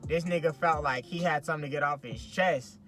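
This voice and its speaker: Fired-up young man, bright forceful voice. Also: a little high, brisk, soft background music. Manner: animated, expletive-heavy, acts out every quote. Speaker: vlogger. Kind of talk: profane storytelling rant.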